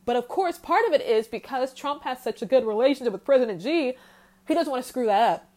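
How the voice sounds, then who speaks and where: A woman hosting a solo podcast rants about the news, heated and exasperated, talking straight through without pausing. Her voice is high-pitched, animated and a little mellow.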